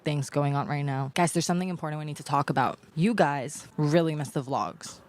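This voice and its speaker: Young woman podcasting in a library, low voice, kinda whispering, nervous chatty vibe. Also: a little fast. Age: young adult. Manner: hushed, half-whispering, nervous. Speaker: podcast host. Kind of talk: casual chat. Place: public library, indoors. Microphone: new microphone.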